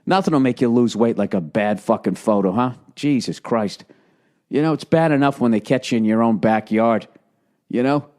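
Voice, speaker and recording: A man's voice: mid-range voice, normal speed, a little mellow. Profane ranting middle-aged man. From United States. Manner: profane, ranting, acts out quoted voices. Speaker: podcast host. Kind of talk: rambling comedic monologue.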